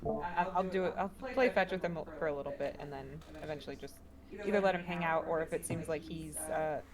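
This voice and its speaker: A woman's voice: low voice, steady tone, brisk, crowd noise. A woman playing in a tabletop game, talking hesitantly with many fillers. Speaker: player. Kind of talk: casual tabletop game play.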